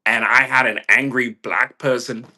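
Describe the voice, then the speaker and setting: Bright-voiced man ranting casually. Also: mid-range voice, normal speed. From California. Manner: profane, rambling, animated quoted voices. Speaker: vlogger. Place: indoors at home with a puppy.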